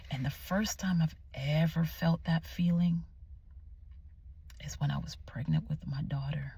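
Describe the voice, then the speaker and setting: A woman vlogger sharing a personal faith testimony, candid and emotional, often dropping to hushed tones. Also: deep voice, fairly even intonation, unhurried, vocal fry, breathy edge, no room sound. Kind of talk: confessional personal storytelling.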